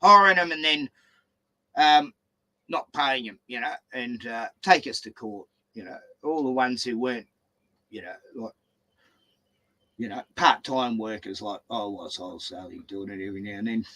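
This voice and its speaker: A man's voice: medium pitch, normal speed, bright, forceful tone. A man with an Australian accent chatting casually, rambling and stammering as he tells stories and swears. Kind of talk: casual chat.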